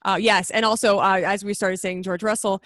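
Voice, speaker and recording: Woman co-host, mid pitch, dry close mic, chatty and enthusiastic. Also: steady tone, brisk, fairly bright tone, dry recording. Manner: chatty, enthusiastic, restarts a lot. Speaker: podcast co-host reading racing news. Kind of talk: casual chat.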